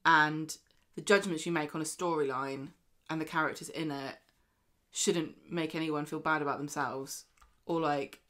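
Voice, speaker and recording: A woman co-host talks through the week's soap episodes in a loose, chatty way. Her voice sits a little low, and she slips into characters' lines with sudden emphasis. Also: fairly even intonation, moderate pace, fairly bright tone. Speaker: podcast co-host. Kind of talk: casual chat reviewing a soap.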